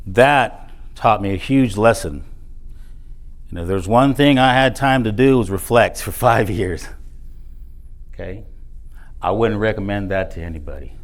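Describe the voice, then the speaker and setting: Middle-aged man, deep low voice, motivational speaker telling his own story with punchy emphasis. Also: measured pace, long pauses. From South Texas. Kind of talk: motivational speech. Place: event hall.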